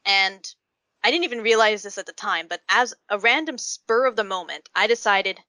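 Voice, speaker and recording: A woman's voice: medium pitch, normal speed, pushed and bright, dry recording. A young woman, a convention artist, chatting as a podcast guest and acting out quoted people as she tells a story. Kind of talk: casual podcast interview.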